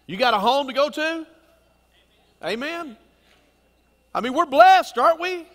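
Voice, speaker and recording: A middle-aged man preaching in a church, his voice pitched fairly high. He speaks in a folksy, conversational way and keeps asking the congregation questions. A long reverb trails each phrase through the sanctuary. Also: animated, a little slow, a bit bright. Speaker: pastor. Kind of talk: sermon.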